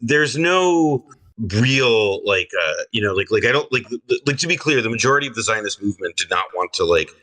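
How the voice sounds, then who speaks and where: A man's voice: mid-range voice, lively intonation, fairly quick, sharp tone. A male guest in a casual reaction stream, talking in a hesitant, filler-heavy and sardonic way over a distant video-call mic. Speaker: guest commentator.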